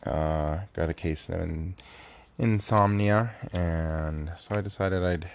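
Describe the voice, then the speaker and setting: A man's voice: low voice, slow, gravelly. A young man hosting his own podcast, talking earnestly and rambling as he thinks aloud, often restarting his sentences, awake early after a sleepless night. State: sleepless, recording early in the morning. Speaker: podcast host. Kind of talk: casual solo podcast monologue.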